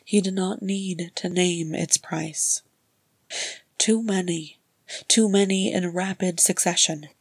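A woman reading a story aloud in a measured, even narration. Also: on the low side, breathy edge, dry recording. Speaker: audiobook reader. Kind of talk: scripted narration.

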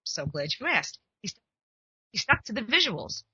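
Bright, husky-voiced woman talking shop. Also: a little high, very animated, normal speed, no room sound, lo-fi sound. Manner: chatty, emphatic, acts out quoted conversations. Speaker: literary agent and podcast host. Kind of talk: casual advice monologue.

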